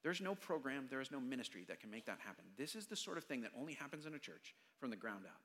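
A man's voice: mid-range voice, sing-song, quick pace. A man preaching as a pastor, earnest and pleading, leading a prayer in a church. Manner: earnest, pleading, repeating phrases. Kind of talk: sermon and altar-call prayer. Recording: long reverb, soft music behind.

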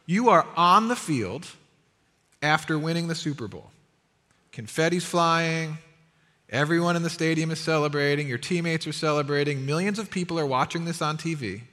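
A man with a bright, sharp and fairly high voice hosts a faith interview, asking his questions in a deliberate, emphatic way. His voice carries a long reverb, as if recorded in a large hall. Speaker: talk show host.

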